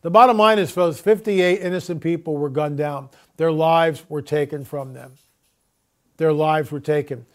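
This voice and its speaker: A man hosting his own report, delivering an emphatic commentary monologue full of rhetorical questions and slowly stretched, repeated catchphrases. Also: on the high side. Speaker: host of own video report.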